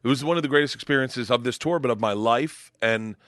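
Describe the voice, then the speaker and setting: Loud, bright-voiced profane man telling stories. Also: medium pitch, fast, dry recording, clean studio sound. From Tampa, Florida. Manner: animated, profane storyteller acting out quotes loudly. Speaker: comedian guest. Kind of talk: casual storytelling chat.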